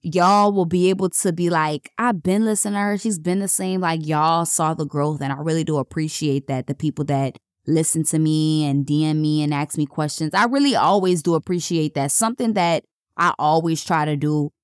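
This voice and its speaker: A woman's voice: normal speed, dry recording, studio quality. Blunt, profane young woman podcaster. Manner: profane, blunt and chatty, pitch jumping up when excited. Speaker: podcast host. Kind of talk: casual solo podcast chat.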